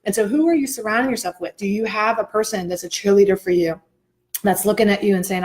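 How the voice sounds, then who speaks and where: A woman's voice: medium pitch, brisk. A woman co-hosting a casual motivational chat, earnest and encouraging, acting out the voices she quotes. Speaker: co-host, coach.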